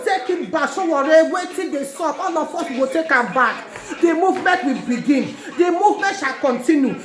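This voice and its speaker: High-voiced Nigerian woman chanting protest slogans. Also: lively intonation, a little fast, hardly any pauses. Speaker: vlogger. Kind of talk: angry protest rant. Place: living in Italy. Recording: echoey room with music playing.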